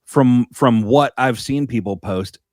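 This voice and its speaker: A man's voice: mid-range voice, measured pace, a little mellow, no echo. A man co-hosting a podcast, chatting in an easygoing way with some hesitations. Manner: easygoing, talks about family life, some hesitations. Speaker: podcast co-host. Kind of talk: casual chat.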